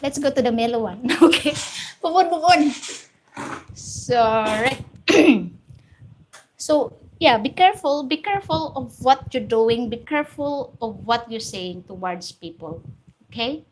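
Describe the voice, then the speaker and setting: A woman's voice: a little high, animated, a little slow, slight background noise. A woman with a Filipino accent hosting a live stream, blunt and preachy as she answers viewer comments. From Philippines. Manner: blunt, preachy, straight-talking. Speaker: host.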